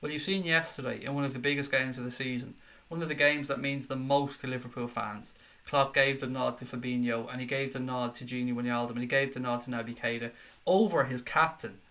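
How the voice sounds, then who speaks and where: Young guy on a fan live stream, bright sharp voice, excitable, chatty, answering chat. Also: medium pitch, brisk. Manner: excitable, chatty, reads out viewer comments. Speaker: football fan channel host.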